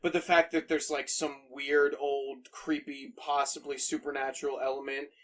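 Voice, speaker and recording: A man's voice: medium pitch, flat delivery, normal speed, fairly bright tone. A man co-hosting a casual podcast chat, rambling and swearing freely with frequent restarts. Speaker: podcast co-host.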